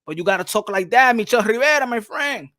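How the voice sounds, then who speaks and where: A man with a fairly high voice chats loosely as a boxing show host. He is animated, laughs often and mixes into his English. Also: fairly quick, no room sound, studio quality. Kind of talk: casual chat reading comments.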